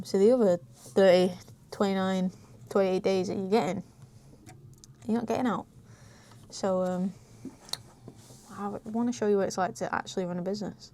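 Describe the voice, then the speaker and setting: British woman, 20s, casual vlogger, mid pitch, slight room hum. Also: mellow. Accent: British English. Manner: chatty, easily distracted, swears casually, coos at her dog. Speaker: vlogger, small business owner. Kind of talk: casual vlog chat. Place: small home office indoors.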